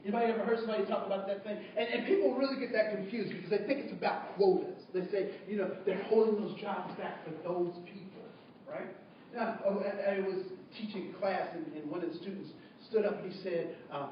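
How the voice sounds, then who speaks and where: A man giving a storytelling talk as a trainer, animated, asking the audience questions and acting out both sides of a conversation. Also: high-pitched, fairly quick, slight background noise. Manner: animated, asks the audience questions, acts out dialogue. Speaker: diversity trainer. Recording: echoey room from far off, dull.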